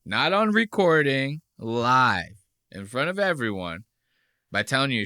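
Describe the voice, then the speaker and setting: A man's voice: medium pitch, sing-song, a little slow, sharp tone, no echo, clean studio sound. A man hosting a podcast, reacting to a clip with brash, mocking, profane commentary. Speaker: podcast host.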